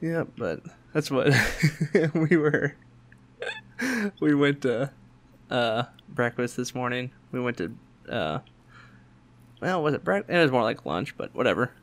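A podcast host tells a family story in casual conversation, speaking a little slowly with frequent pauses. He's animated, laughs a lot, and acts out the quoted lines in higher, raised voices.

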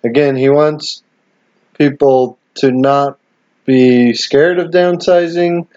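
A man in an easy podcast chat who teases his co-host and often answers in short agreements. His pitch is ordinary. The sound is dry and slightly muffled. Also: slow pace, dry recording. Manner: relaxed, teasing, short agreements. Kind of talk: casual chat.

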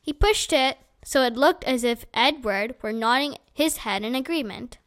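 A woman reading a children's chapter book aloud in a clear, expressive storytelling manner. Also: high voice, normal speed.

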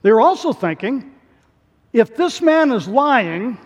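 A male pastor delivering a sermon in an animated way, his voice rising to emphatic peaks. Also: very high voice, slow pace, lo-fi sound. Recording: long hall reverb.

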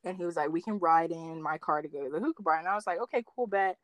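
A young woman telling dating stories in casual chat, full of "like" fillers and quoting others with big jumps in pitch. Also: fast, dry recording. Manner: animated storyteller, acts out quotes with big pitch jumps, many "like" fillers.

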